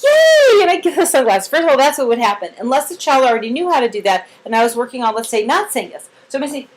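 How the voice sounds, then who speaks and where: A woman's voice: on the high side, racing, low-quality recording. A woman trainer explaining a therapy method in casual talk, acting out quotes and filling her speech with "like". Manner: animated storyteller acting out quotes, many "like" fillers; cheerful voiced praise bursts.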